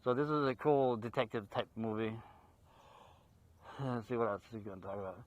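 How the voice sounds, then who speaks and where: A man hosting a horror movie show outdoors in a park, talking casually and off the cuff, excitable and quick to laugh. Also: medium pitch, dull audio. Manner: excitable, laughs a lot, jokey asides.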